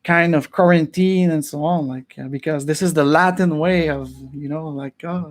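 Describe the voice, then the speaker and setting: High-voiced man. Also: normal speed, hardly any pauses. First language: French. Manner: animated, chuckling, slips into French phrases. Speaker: podcast host. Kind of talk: casual group chat. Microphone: video call.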